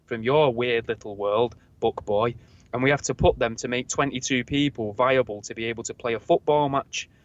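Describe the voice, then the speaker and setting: A man's voice: medium pitch, moderate pace. A man, co-hosting a podcast and telling rambling anecdotes in casual chat, swearing freely. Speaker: podcast co-host. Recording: dull lo-fi dry recording.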